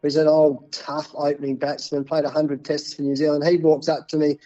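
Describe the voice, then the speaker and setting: A man in his fifties with an Australian accent, a cricket coach being interviewed, telling stories in a casual, animated way and often repeating words. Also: on the high side, brisk, highs cut off, faint music behind.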